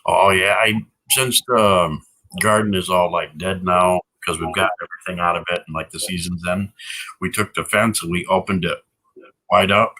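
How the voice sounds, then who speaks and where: A podcast co-host in casual chat, laid-back and quick to laugh. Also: low-pitched, steady tone, pushed and bright.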